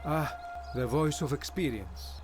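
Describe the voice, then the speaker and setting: A man's voice: fairly high pitch, animated, unhurried. A man voicing a well-travelled, courteous male Greek merchant in a video game, speaking in a formal, flowery and polite way. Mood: earnest. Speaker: game character. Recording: game audio over background music.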